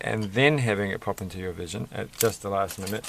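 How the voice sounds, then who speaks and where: A man's voice: lowish voice, fairly even intonation, brisk, vocal fry, few pauses. A man chatting casually while building a Lego set, rambling and musing with a self-deprecating manner.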